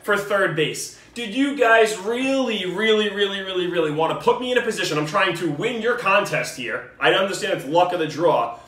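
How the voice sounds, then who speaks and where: A man's voice: high-pitched, animated, moderate pace, few pauses, pushed and bright. A man, joking and cursing as he talks through his picks in a casual video response. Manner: joking, swearing, enthusiastic banter. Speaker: vlogger. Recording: roomy echo, mic at a distance.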